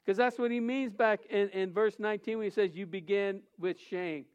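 A man's voice: high-pitched, fairly even intonation, moderate pace, smooth, muffled recording. A man who is a pastor, preaching a sermon and telling a funny personal story, acting out the dialogue and laughing often.

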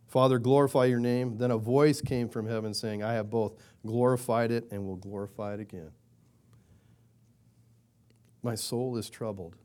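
A pastor preaches conversationally, posing rhetorical questions and acting out quoted prayers in a louder, higher voice.

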